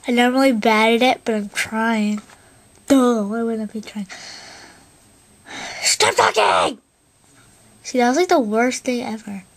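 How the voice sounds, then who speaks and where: A woman's voice: fairly high pitch, a little slow, long pauses, dry recording. A woman rambling through a casual vlog, self-deprecating and fighting a bad cough. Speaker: video creator.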